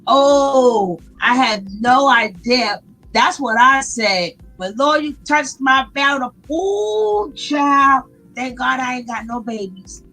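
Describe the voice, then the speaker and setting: A woman giving reaction commentary in an exclamatory, drawn-out way. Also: high voice, lively intonation, pushed and bright, soft background music, poor audio. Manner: exclamatory, slow drawl.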